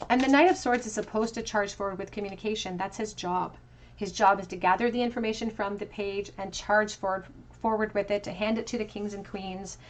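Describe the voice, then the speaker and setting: A woman's voice: mid-range voice, steady tone, a little fast, slight background noise. A woman giving a tarot pick-a-card reading, musing aloud over each card with casual fillers. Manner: musing, talks through card meanings with soft fillers. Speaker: tarot reader.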